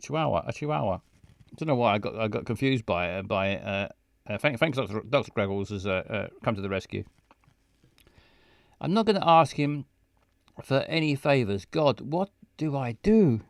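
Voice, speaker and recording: A man's voice: medium pitch, expressive, normal speed, no room sound. Guy streaming a game, rambly and stumbly, jokes at himself, dry close mic. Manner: rambling, stumbling, self-mocking. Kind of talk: casual live game stream commentary.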